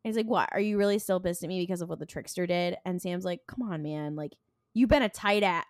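A woman co-hosting a podcast, casually recapping an episode, retelling scenes with quick bits of quoted dialogue and frequent ums. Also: lowish voice, dry recording, studio quality. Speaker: podcast co-host.

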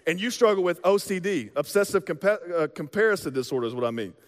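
Male pastor, casual slang-filled sermon, high voice, echoing sanctuary. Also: lively intonation, fast. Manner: conversational, joking preacher with casual slang. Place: church sanctuary. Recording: long reverb of a large hall.

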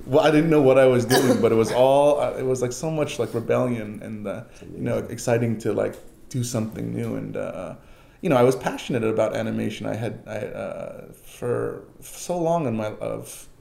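A man in his forties from New York, telling personal stories in a relaxed chat with many fillers. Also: mid-range voice, moderate pace, gravelly, reverberant. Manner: reflective storytelling, many fillers. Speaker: guest. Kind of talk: casual chat.

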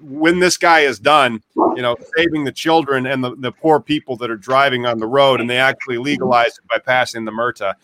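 A man's voice: medium pitch, fairly even intonation, a little fast, sharp tone. A man hosting a live podcast, talking casually and rambling with many fillers. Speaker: podcast host.

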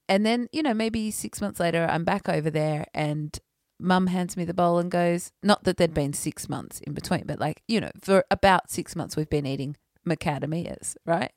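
A woman with a fairly low voice tells a rambling comic story. Her pitch leaps all over as she mimics the people in it, laughing as she goes. The sound is dry and close. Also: no room sound. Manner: animated storyteller, laughs often, acts out quoted voices. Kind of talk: casual chat and storytelling.

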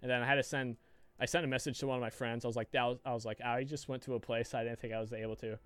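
A man co-hosting a casual podcast, his voice smooth and resonant. He rambles through a story, swearing freely and restarting his sentences, and the sound is close and dry. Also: mid-range voice, flat delivery, rapid-fire, fairly bright tone, no echo. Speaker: podcast co-host.

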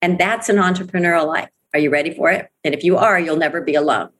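A woman's voice: deep voice, fast, fairly bright tone, slight background noise. A middle-aged woman speaking as an interview guest about her network marketing career, earnest and emphatic, repeating phrases for weight. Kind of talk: candid interview talk.

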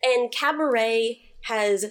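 A woman's voice: fairly high pitch, takes it slowly. A woman co-hosting a casual chat, talking through a musical's story with opinionated enthusiasm. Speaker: podcast co-host.

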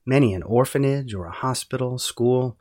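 A man hosting a podcast, giving measured, earnest, scripted Bible-study narration. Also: medium pitch, a little mellow. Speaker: podcast host.

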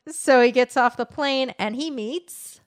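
A woman co-hosting a podcast, casually retelling a story with lively quoted voices and frequent laughter. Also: high-pitched, measured pace. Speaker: podcast co-host.

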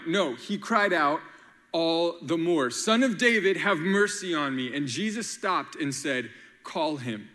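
A man preaches with a bright, forward voice pitched a touch high. He is lively and playful, jumping into acted-out quotes and rhymes to drive his points home. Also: measured pace, big-room sound. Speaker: pastor. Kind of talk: sermon.

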